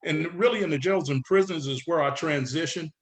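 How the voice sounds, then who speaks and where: A middle-aged man from San Diego, a guest in a casual interview, retelling his past in a rambling, animated way full of filler words. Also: on the high side, a little fast. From San Diego, California. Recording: roomy echo.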